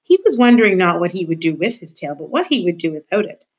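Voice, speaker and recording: A woman teacher reading a children's book aloud to her class, warm and expressive in her storytelling. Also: on the low side, quick pace, poor audio.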